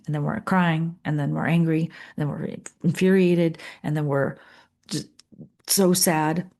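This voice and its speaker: Calm low-voiced woman coaching. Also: vocal fry, slightly rough. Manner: calm, earnest, repeats phrases with pauses. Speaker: leadership coach. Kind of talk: guided coaching session.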